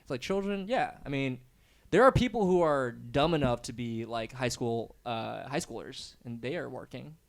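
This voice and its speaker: A man's voice: medium pitch, moderate pace, creaky. A man hosting a podcast in casual chat, joking and laughing often.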